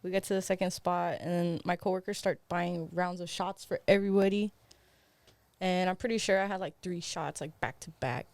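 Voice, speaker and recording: A woman's voice: fairly low pitch, steady tone, fairly quick, gravelly, a little mellow, dry recording. A young woman co-hosting a podcast who tells a story in loose, laughing chat, swearing freely and leaning on "like". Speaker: podcast co-host. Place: podcast studio.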